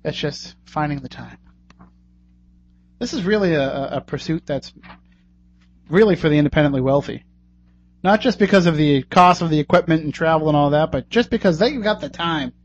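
A radio talk show host with a slightly high, expressive voice speaks at a moderate pace and pauses often as he wraps up. He's chatty and rambling, thanking his guests and plugging contacts. The recording is muffled, with a faint hum.

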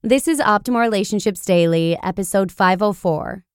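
A woman podcast host reading a blog post aloud in an expressive, animated storytelling manner. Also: medium pitch, moderate pace, hardly any pauses, smooth, no room sound, clean studio sound.

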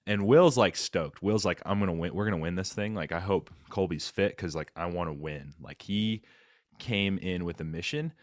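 A man hosting a casual chat, retelling a story with lively quoted voices and many fillers. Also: sits low, normal speed, dry recording, studio quality. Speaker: podcast host, fellow cyclist.

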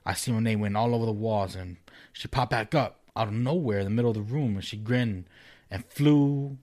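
A man's voice: lowish voice, brisk, darkish tone. A man casually reading a first-person ghost story aloud, with laid-back, swearing banter between passages. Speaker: co-host reading ghost stories.

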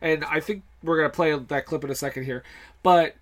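A man's voice: fairly high pitch, fairly even intonation, a little fast, fairly bright tone. A man hosting a casual film discussion podcast, blunt and frustrated, swearing freely. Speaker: podcast host.

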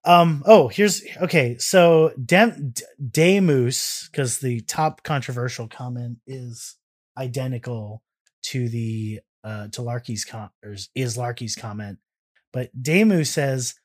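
Podcast guy, excitable, laughs at himself, stumbles over words a lot. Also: medium pitch, takes it slowly. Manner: excitable, self-mocking, trips over words. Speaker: podcast co-host. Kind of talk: casual podcast chat.

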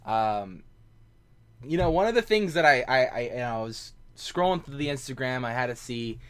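Brief: male podcast host, easygoing and encouraging, casual slang, middle pitch. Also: lively intonation, moderate pace. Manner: laid-back, affirming, says "man" and "dude". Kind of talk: casual interview chat.

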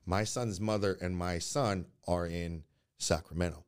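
A young man, a podcast guest, telling his life story in a candid, earnest way with halting restarts, speaking softly when it gets emotional. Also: low voice, steady tone, smooth. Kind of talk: personal life story in conversation.

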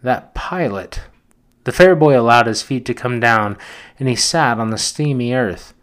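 A man, a podcast host, reading a novel aloud in a steady, measured narration. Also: mid-range voice, clear, resonant tone. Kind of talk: audiobook narration.

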